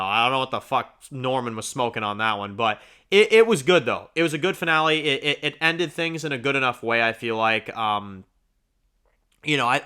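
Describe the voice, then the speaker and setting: Give me a young male review host with a bright, tense voice, chatting loosely and swearing. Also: medium pitch, smooth. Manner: rambling, profane, lots of fillers and restarts. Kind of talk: casual spoken review.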